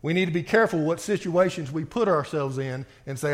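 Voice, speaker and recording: A man's voice: fairly high pitch, a little fast. Emphatic male preacher. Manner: emphatic, swings between forceful outbursts and quiet reading. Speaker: pastor. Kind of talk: sermon with scripture reading.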